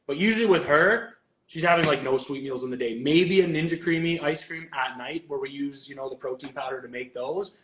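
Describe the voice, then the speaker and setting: A man's voice: medium pitch, a little fast, fairly bright tone, slight background noise. A man, a guest chef and bodybuilding coach, chatting casually and walking through recipe steps as he cooks in a kitchen. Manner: chatty and upbeat, narrating cooking steps. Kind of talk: casual chat while cooking. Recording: echoey room.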